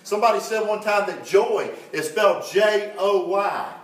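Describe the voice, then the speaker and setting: Speaking at a moderate pace, this high-voiced pastor asks his flock to echo his words and shares homespun stories. The far-off mic picks up heavy church echo in the sanctuary.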